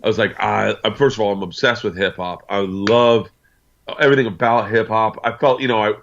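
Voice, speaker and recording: A man's voice: lowish voice, steady tone, brisk, gravelly, muffled recording, slight background noise. A man in his forties, a guest on an interview show, telling rambling anecdotes full of asides. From United States. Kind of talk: casual storytelling.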